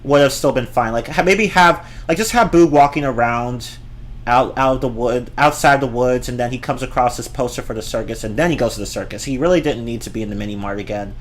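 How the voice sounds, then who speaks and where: A man's voice: mid-range voice, fairly quick. A man giving a ranting movie review, exasperated and profane, often repeating and restarting his words.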